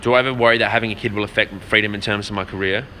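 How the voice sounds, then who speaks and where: Profane, rambling young man, bright voice. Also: lowish voice, fairly even intonation, racing. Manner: rambling, profane storytelling with lots of "man" and "bro". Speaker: vlogger. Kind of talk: casual vlog chat. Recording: faint background noise.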